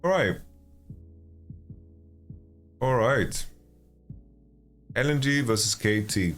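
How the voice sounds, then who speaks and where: A man giving casual esports commentary on a stream, sleepy and yawning, with relaxed speech and stammering restarts as he answers chat. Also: mid-range voice, extremely slow, soft background music. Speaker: esports caster and analyst.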